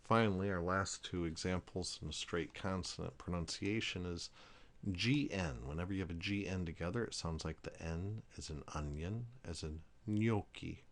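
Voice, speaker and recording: A man's voice: low voice, normal speed, fairly bright tone. A man teaching a language lesson, explaining pronunciation rules carefully and repeating each example word.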